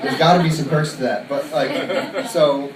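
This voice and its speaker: On a comedy club stage, a young man from upstate New York performs a stand-up set, spinning a loose, rambling story full of fillers and slipping into quick put-on voices to act out the people in it. His voice is fairly high-pitched. The recording has roomy club sound from a distant mic, with audible ambience and crowd laughter.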